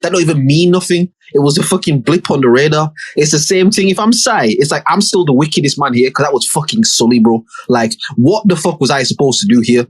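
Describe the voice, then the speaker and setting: A man's voice: fairly high pitch, a little fast, few pauses, slightly rough. A young man, co-hosting a casual podcast and animatedly recapping a TV show with lots of swearing. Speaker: podcast co-host. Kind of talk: casual banter podcast chat.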